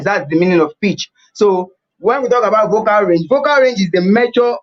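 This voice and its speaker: A man's voice: high voice, muffled recording. A man teaching a singing webinar, repeating key points and explaining things as he plays the piano. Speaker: vocal coach.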